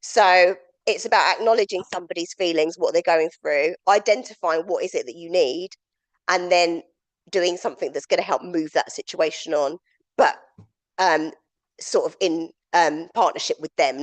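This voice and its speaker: A woman leading a domestic abuse awareness training session, explaining steadily with frequent ums. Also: low voice. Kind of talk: training talk.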